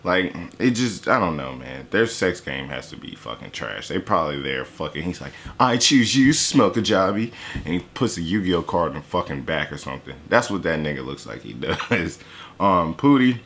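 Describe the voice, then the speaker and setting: A man's voice: extremely low pitch, expressive, moderate pace, a bit bright. A young man giving a casual, joking reaction to a song. He swears a lot and slips into mocking impressions of other people. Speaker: YouTuber reacting to a diss track. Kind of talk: casual profane reaction commentary.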